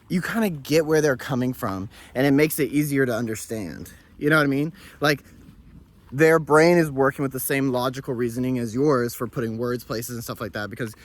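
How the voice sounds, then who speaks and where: A young man with a mid-range voice vlogs into a phone camera while hiking outdoors. He chats casually, rambling, joking and speaking candidly.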